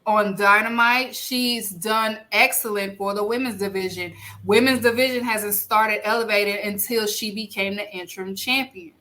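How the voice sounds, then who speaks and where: A woman's voice: medium pitch, steady tone, moderate pace, sharp tone. A young woman hosting a podcast, announcing award winners in playful, casual chat. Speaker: podcast host.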